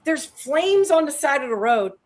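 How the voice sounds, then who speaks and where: Animated, slangy woman telling stories. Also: sits high, moderate pace. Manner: animated, slangy, swings into loud excited peaks. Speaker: guest. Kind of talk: casual storytelling on a show.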